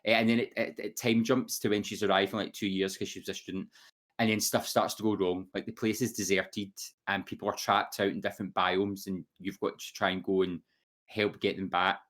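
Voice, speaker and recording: A man's voice: deep voice, level tone, a little fast, a bit bright. A man, co-hosting a podcast, talking in a rambling way with many restarts. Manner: rambling, full of restarts and fillers. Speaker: podcast co-host. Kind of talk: casual chat.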